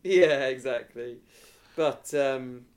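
A man's voice: medium pitch, slow pace. A man co-hosting a casual podcast, talking reflectively and hesitantly, repeating words as he thinks. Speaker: podcast co-host. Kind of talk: casual conversational chat.

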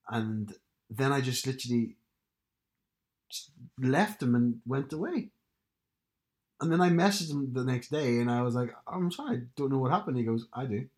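A man's voice: medium pitch, normal speed, pauses often. Dry-humored man on a podcast. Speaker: podcast co-host. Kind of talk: casual chat.

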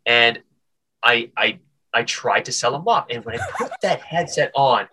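A man's voice: medium pitch, unhurried, a little hiss or hum. A man, a comedian and podcast guest, telling stories in a casual interview, with lots of stammered restarts. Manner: animated, stammering restarts, acts out voices.

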